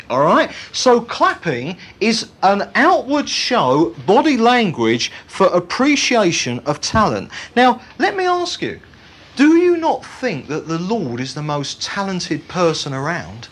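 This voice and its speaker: Brief: lively preacher, husky tone, joking sermon delivery. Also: mid-range voice, slow. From Britain. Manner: animated and humorous, laughing at own jokes.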